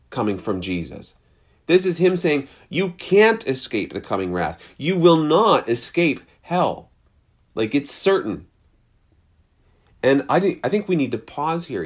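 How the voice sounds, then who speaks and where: A man preaching a sermon, emphatic, repeating his phrases and swinging between loud stresses and hushed asides. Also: medium pitch. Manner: repeats phrases, some stumbles. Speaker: pastor.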